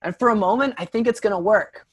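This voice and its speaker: A man's voice: high-pitched, quick pace, slightly rough, no echo. A young man, a podcast guest, telling a story casually with lots of "like" and fillers. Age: young adult. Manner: animated, filler-heavy, frequent "like".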